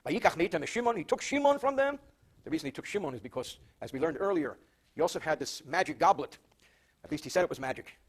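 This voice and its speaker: An older man, a rabbi, teaching a Torah portion verse by verse, reading Hebrew slowly, translating, and adding dry wisecracks. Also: on the high side, big pitch swings, slightly rough. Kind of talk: verse-by-verse Torah class with jokes.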